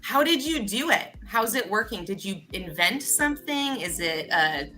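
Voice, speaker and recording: Woman player, bright tone, lively pitch, rambling and giggly. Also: normal speed, soft background music. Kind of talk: casual tabletop role-play.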